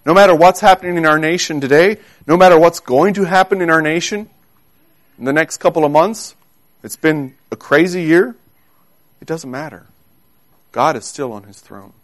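A man preaching a sermon in an earnest, emphatic way, repeating key words and reading scripture slowly. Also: fairly high pitch. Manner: reads scripture aloud slowly.

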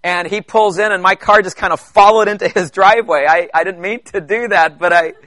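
A man preaching a personal testimony in church, chatty, with halting restarts and joking asides to the congregation. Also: high voice, steady tone, a bit bright, dry recording. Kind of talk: conversational sermon testimony.

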